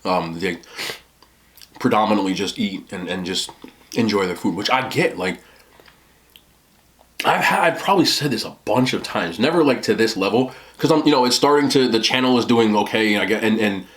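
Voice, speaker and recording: A man's voice: fairly low pitch, moderate pace, fairly bright tone. A young man who vlogs about eating, chatting casually as he eats on camera, often talking with a mouthful and rambling. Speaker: mukbang vlogger.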